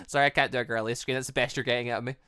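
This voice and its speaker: A man hosting a visual novel playthrough, commenting excitedly and laughing between the story's lines. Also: medium pitch, fast talker, clean tone, no echo, studio quality. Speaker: let's play host.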